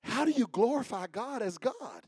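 A man preaching a sermon, swinging from shouted fiery passages to quiet asides. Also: very high-pitched, lively intonation, normal speed, slightly rough, no room sound, clean studio sound. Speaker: pastor.

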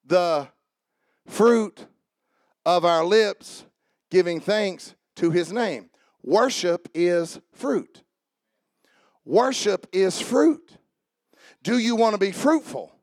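High-voiced preacher, shouting and hushing. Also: male voice, no echo, studio quality. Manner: swings from shouted exhortation to hushed asides; repetitive call-and-response preaching. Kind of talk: sermon.

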